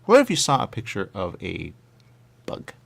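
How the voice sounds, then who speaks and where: A man's voice: huge pitch swings, normal speed, gravelly, slightly rough. A man in absurd comedic banter, arguing in goofy circles. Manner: goofy, circular arguing with big pitch jumps.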